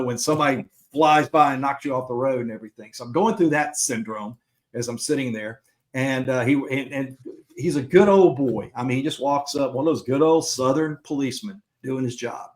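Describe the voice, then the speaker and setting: A middle-aged man at a mid-range pitch, spinning a personal story on a podcast. He talks casually and chattily, acting out what each person in the story says. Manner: chatty anecdote-teller who acts out dialogue. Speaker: podcast co-host.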